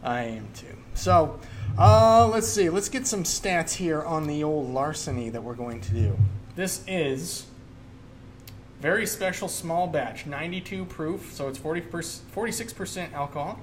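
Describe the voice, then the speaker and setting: A man's voice: a little high, lively intonation, unhurried, slight background noise. Jokey, rambling male podcast host. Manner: jokey, rambling, with many fillers. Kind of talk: casual chat.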